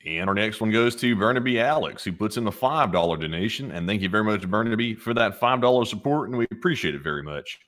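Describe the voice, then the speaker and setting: An easygoing, plain-spoken man co-hosts a livestream and reads out viewer donations. His voice sits on the lower side, relaxed and conversational. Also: fast talker, hardly any pauses. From Southern United States. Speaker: co-host reading donations. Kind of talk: casual livestream chat.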